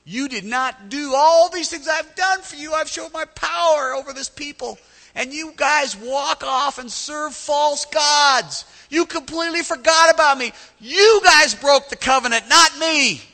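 A man's voice: sits high, sing-song, fairly quick, hardly any pauses, pushed and bright, pitched above the performer's own voice, full character voice. A man playing a stern male God who scolds and lectures his people. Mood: scolding. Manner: accusing, lecturing.

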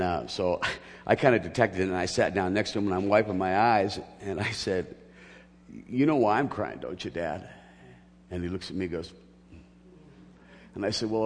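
A middle-aged male pastor preaching a sermon, telling a personal story with gentle humor before building into emphatic teaching. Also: on the low side, big-room sound, slight background noise.

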